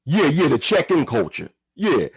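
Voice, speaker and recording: A man delivers a heated, profane rant, circling back to the same points and throwing rhetorical questions. His voice sits a little high and husky and leaps around wildly in pitch. The sound is dry and close, with no room echo. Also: wildly swooping pitch, normal speed. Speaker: commentary vlogger. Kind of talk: ranting commentary.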